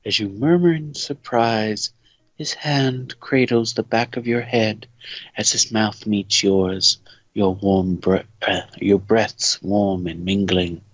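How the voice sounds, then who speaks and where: A man's voice: on the low side, steady tone, slow, dry recording, muffled recording. A man co-hosting a gaming video, reading story text aloud and joking between lines. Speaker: let's play co-host reading a visual novel. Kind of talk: casual gaming commentary with read-aloud lines.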